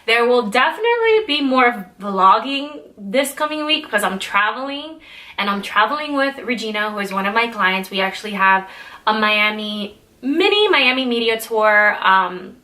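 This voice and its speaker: A woman's voice: fairly high pitch, lively intonation, moderate pace, sharp tone. A young woman in casual vlog chat, talking in a rambling way with many filler "likes". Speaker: vlogger.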